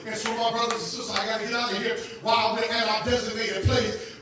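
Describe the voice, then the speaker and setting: A man preaching a sermon as guest pastor, calling out to the congregation and building to shouted climaxes. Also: high voice, little pitch movement, fast, hardly any pauses, background noise. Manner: repeats phrases for emphasis. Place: church sanctuary. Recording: very echoey church hall, voice from far off, music behind.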